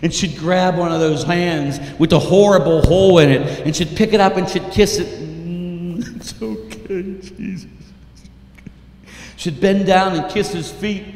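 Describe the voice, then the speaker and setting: A male priest preaching an impassioned sermon, moving from loud proclamation to hushed prayer, in a large hall. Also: high voice, moderate pace, hardly any pauses. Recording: echoey hall reverb.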